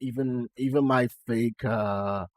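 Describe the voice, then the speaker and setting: Slow, chatty man with put-on American accent. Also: mid-range voice, steady tone, no echo. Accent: put-on generic American-Canadian. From Nigeria. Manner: chatty and self-amused, laughing between remarks. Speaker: live-streaming 3D artist. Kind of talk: casual live-stream chat.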